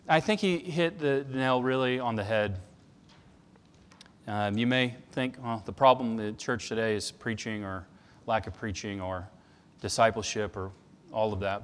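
A man preaching a sermon, telling stories conversationally and pressing points with emphasis. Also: medium pitch. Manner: conversational storytelling with emphatic passages. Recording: long reverb of a large hall.

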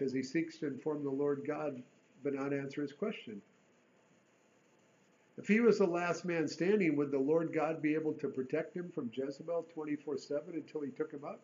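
A man preaching a sermon with a fairly high voice. He is earnest, rising to emphatic bursts and sinking to a hush. The recording sounds dull and lo-fi. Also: moderate pace, a little hiss or hum.

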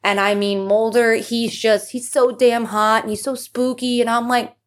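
A woman's voice: fairly high pitch, flat delivery, normal speed, hardly any pauses. A young woman hosting a solo podcast, chatting casually and gushing, with lots of fillers and asides. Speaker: podcast host.

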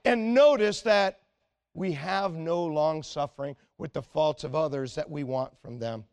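Male pastor, fairly high voice, earnest sermon delivery that sinks to quiet urgency. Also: a little slow. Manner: earnest and exhorting, often dropping to a quiet, intense tone.

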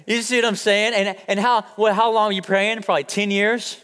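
Joking pastor preaching in a reverberant church. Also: male voice, high-pitched, little pitch movement, normal speed, a bit bright, clear, resonant tone. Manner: humorous, conversational preaching with audience call-outs. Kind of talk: sermon. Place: church sanctuary. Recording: long hall reverb.

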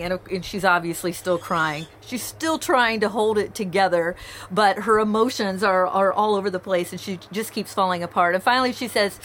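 A woman pastor giving a conversational sermon, telling stories in an animated way to a remote congregation. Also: mid-range voice, slight background noise. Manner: warm conversational preaching, animated storytelling. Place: church, recorded outside usual sanctuary.

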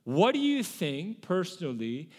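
A man's voice: high-pitched, huge pitch swings, a little slow, husky, in a large hall. A male pastor giving a sermon in a conversational way, often correcting himself mid-sentence. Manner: conversational preaching with self-corrections.

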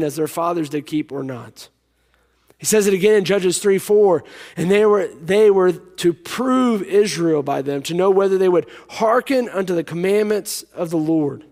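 High-voiced preacher in a reverberant hall. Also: male voice. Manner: emphatic, repeats key lines, drops to a hush for stories. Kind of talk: sermon.

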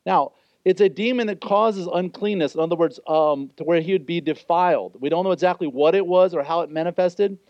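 A man's voice: high voice, brisk, dry recording, lo-fi sound. A man preaching a sermon as pastor, explaining scripture in an earnest way and briefly acting out the voices he quotes.

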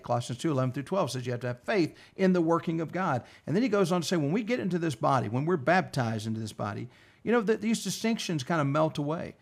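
A man's voice: fairly high pitch, creaky. A man teaching from scripture, reading verses aloud in an earnest Bible study discussion.

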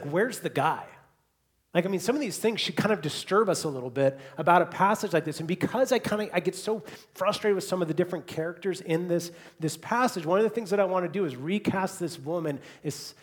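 A man preaching a sermon to a congregation in a church hall, moving between hushed, quiet repetitions and loud, emphatic bursts. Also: sits high, lively intonation, fairly quick. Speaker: pastor.

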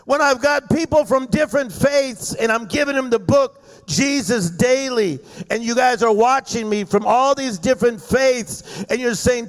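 A middle-aged guest preacher delivers a fervent sermon at a church service, stirring the congregation through call-and-response. His voice is very high-pitched, at normal speed with few pauses. The recording carries an echoey hall reverb.

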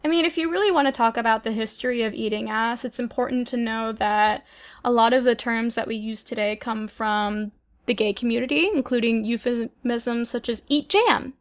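A woman co-host talks in a high voice in loose, joking conversation. She gets animated and sometimes bursts into loud exclamations. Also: normal speed. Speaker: podcast co-host. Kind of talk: casual chat.

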